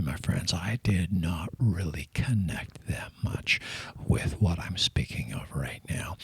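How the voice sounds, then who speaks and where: A man giving an earnest, emphatic sermon in a whispery, strained voice, speaking intimately to his listeners. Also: lowish voice. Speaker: preacher.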